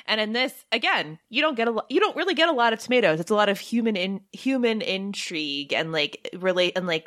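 A woman's voice: medium pitch, a bit bright. A woman co-hosting a podcast, chatting casually and enthusiastically about a movie and laughing often. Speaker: podcast co-host.

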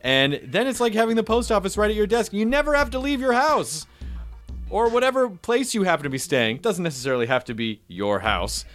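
A man's voice: sits high, lively intonation, a little fast, fairly bright tone, faint music behind. A man from the Southern United States hosting a podcast, chatting casually and playfully, with light jokes and ad reads. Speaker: podcast host.

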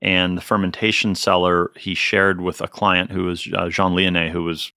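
Low-voiced man telling earnest stories. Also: moderate pace, dry recording, clean studio sound. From United States. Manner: earnest, animated anecdotes with restarts. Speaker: winemaker guest. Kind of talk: conversational storytelling.

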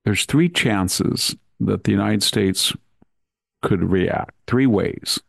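A man speaks as a podcast host in measured, deliberate commentary. His voice sits low with a gravelly rasp, and the recording is dry and close. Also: no room sound. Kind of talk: conversational commentary.

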